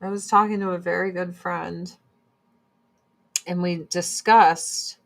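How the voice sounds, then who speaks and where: A woman's voice: fairly low pitch, fairly even intonation, takes it slowly, vocal fry. A woman chatting casually and bluntly while doing her makeup, swearing freely as she gives her opinions. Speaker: streamer.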